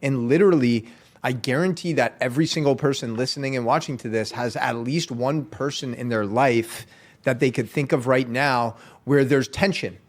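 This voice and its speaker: A man hosting a podcast, speaking in an earnest, steady way about inner growth. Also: mid-range voice, moderate pace. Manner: earnest, steady, spiritual vocabulary. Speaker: podcast host. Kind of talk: reflective podcast conversation.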